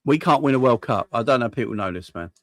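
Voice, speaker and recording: A man's voice: medium pitch, animated, fast talker, dry recording. A young man ranting about a football defeat, furious and sweary, repeating himself and firing off rhetorical questions. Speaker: football fan channel host. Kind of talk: angry fan reaction rant.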